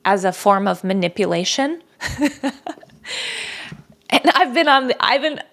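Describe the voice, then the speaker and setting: A woman's voice: mid-range voice, lively intonation, unhurried, fairly bright tone. A woman hosting a podcast alone, talking in an earnest, reflective way that sometimes drops to a near-whisper. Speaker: podcast host. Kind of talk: reflective solo podcast talk.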